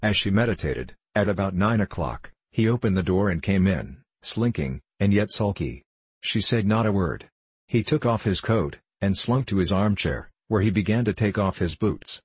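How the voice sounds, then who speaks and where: Reading a novel aloud, this male audiobook narrator keeps an even, measured delivery in a low, faintly husky voice. The sound is close-miked and dry, without any room sound or echo.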